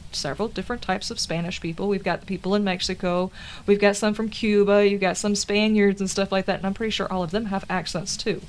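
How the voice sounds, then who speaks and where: A woman with a Southern American accent, chatting casually and rambling through tangents while streaming a game. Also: mid-range voice. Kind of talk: casual chat while gaming.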